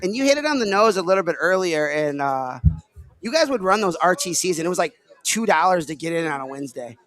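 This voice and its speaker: A man's voice: high-pitched, big pitch swings, fast talker, fairly bright tone. A man from Illinois hosting a casual podcast, talking in a rambling, filler-heavy way. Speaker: podcast host. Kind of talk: casual chat.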